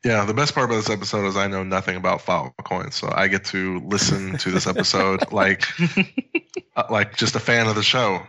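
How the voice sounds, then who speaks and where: Bright laid-back male podcast host. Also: deep voice, steady tone, a little fast, few pauses, low-quality recording. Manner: laid-back, joking, reads ads off-the-cuff. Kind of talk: casual podcast chat and read ads.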